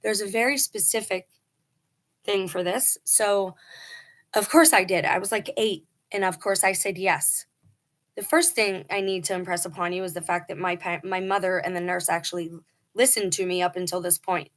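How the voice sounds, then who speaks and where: A woman's voice: lowish voice, fairly even intonation, normal speed. A middle-aged woman telling a personal story in a casual, earnest and emphatic way, acting out quoted dialogue. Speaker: vlogger telling a personal testimony.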